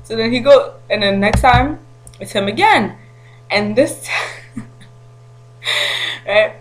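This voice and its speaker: A woman vlogging to camera, telling a story in an animated, slangy way with frequent laughter. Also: on the high side, slow, faint music behind, rough recording.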